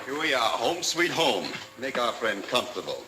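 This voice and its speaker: A man's voice: medium pitch, moderate pace, background noise, natural voice. Batman, cool and stern, played by a man. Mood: menacing. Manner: calm, dry and menacing in an interrogation. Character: Batman, stern cool adult male hero. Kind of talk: 1940s film serial acting. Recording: 1940s film soundtrack with music underscore.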